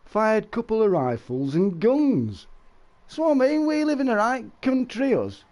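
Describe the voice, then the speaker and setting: A man live-streaming, chatting casually with viewers, rambling and laughing, with exaggerated shouted sound effects. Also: sits high, big pitch swings, a little slow.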